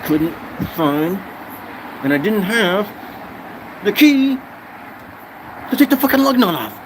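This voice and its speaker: A male vlogger with a high voice talks slowly over background noise, telling a rant-style story. He's animated and profane, swearing heavily and repeating himself a lot.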